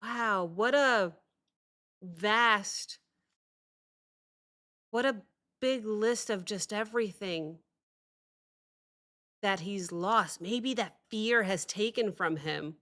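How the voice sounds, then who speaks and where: Woman doing a music reaction, bright voice, gets excited and keeps saying sorry. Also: medium pitch, extremely slow, long pauses. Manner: excitable, apologetic, thinks aloud. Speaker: reaction video host. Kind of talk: casual reaction commentary.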